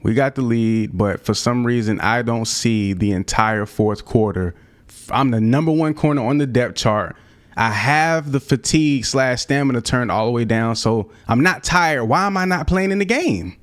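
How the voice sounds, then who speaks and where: A young man giving casual, slang-filled play-by-play of his own football video game, out of breath at times and prone to loud excited outbursts. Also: medium pitch, moderate pace. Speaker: gaming YouTuber. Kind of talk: live gameplay commentary.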